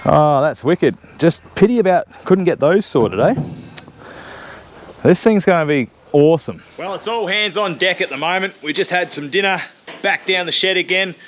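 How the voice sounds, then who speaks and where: A joking, teasing Australian man chats casually as he works on a car in his home shed. His voice sits a touch high, and a faint hiss of noise runs beneath it. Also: lively intonation, normal speed. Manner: jokey, teasing, chatty. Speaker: channel host. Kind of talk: casual chat while working on a car.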